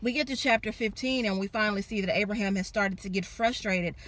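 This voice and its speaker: A young adult woman giving a casual sermon, telling the story with animated, acted-out quotes. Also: medium pitch, fast. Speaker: preacher.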